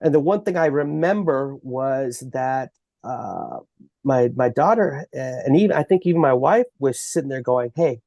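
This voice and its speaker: A man with a Texan accent, a guest on a podcast, telling a long story in an animated, halting way full of restarts. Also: medium pitch, creaky, no echo, studio quality. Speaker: bigfoot researcher guest.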